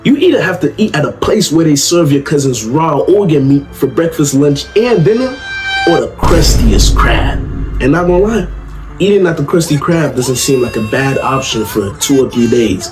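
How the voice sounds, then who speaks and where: A young man doing comedic commentary in an animated, slangy way, often asking "you know what I'm saying". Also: a little high, brisk. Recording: music playing under the voice.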